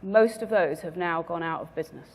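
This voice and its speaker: Woman presenter, business talk, gravelly, long hall reverb. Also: lowish voice. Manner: measured, stresses key words. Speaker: conference speaker. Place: conference venue.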